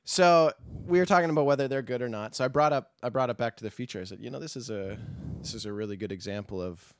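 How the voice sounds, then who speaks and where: A man hosting a casual movie podcast, chatting in a relaxed, rambling way with friends. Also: mid-range voice, quick pace, clean tone, no echo, clean studio sound. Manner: shouty over-the-top hype intro, then relaxed chatty rambling. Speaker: podcast host.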